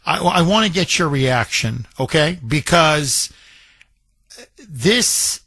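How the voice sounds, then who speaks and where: A male talk radio host with a high, bright voice, speaking into a studio mic. His delivery is combative and insistent, firing off insults and repeated points. The sound is close and dry. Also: lively intonation, slow pace, no room sound. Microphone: studio microphone.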